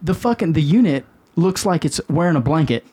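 A middle-aged man hosting a podcast, telling a story in a casual chat with lots of cursing and emphatic, animated delivery. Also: on the high side, brisk, breathy edge. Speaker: podcast host.

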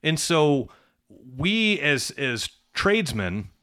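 A man's voice: fairly high pitch, very animated, slow pace, a bit bright. A middle-aged man co-hosting a casual business podcast, talking emphatically and tagging points with "right?". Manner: conversational, emphatic, rhetorical "right?" tags. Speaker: podcast co-host, trades business coach.

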